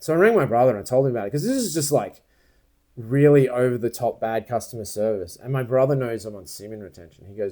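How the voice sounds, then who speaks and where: A man tells a story straight to camera in a loose, rambling way, sounding aggrieved as he replays each exchange. His voice is mellow and dark-toned, sitting at an ordinary pitch for a man. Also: expressive, quick pace. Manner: rambling, aggrieved retelling with quoted asides. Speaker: vlogger.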